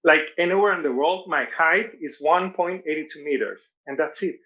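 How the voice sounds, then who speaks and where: A man's voice: a little high, moderate pace. Comic, male, Spanish native, Venezuelan accent; upbeat stand-up over a muffled video call line. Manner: self-deprecating, repeats and restarts words. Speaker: stand-up comedian. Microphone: video call mic. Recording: dull lo-fi video call audio.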